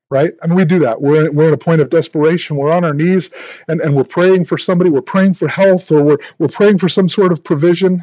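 A man's voice: a little high, darkish tone, no room sound, muffled recording. A male pastor preaching verse by verse in an earnest, thinking-aloud way, often repeating words as he goes. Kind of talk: verse-by-verse sermon.

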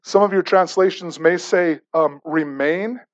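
A man's voice: high-pitched, normal speed, lo-fi sound. A man preaching a sermon as pastor, repeating rhetorical questions and restarting words with stammers.

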